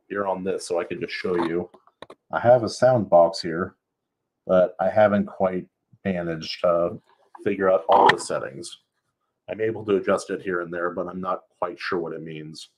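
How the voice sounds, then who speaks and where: A man's voice: low-pitched, a little hiss or hum. A man reading a novel aloud on a live stream and chatting casually with viewers, laughing often.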